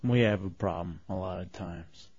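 A man's voice: low-pitched, moderate pace, darkish tone, slightly rough, muffled recording. A man hosting a radio show in casual talk, plain-spoken as he reads station IDs. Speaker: radio host.

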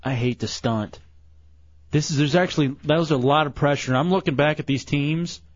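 A man's voice: on the high side, normal speed, no echo. A man hosting a radio show, joking and teasing his co-hosts while running a fantasy football draft, often laughing. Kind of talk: casual radio banter. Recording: dull lo-fi radio recording.

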